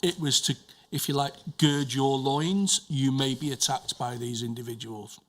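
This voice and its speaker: Guy answering questions as a witness at an inquiry, bright edgy voice, keeps stumbling and restarting. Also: medium pitch, steady tone, normal speed. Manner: hesitant, with frequent restarts and repeated words. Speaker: witness giving evidence.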